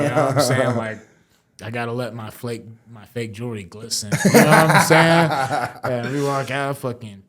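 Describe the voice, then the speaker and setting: A man's voice: medium pitch, fairly quick, a crowd in the background. A young man in casual podcast chat, telling a story with lots of laughing, swearing and filler words. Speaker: podcast host and fighter.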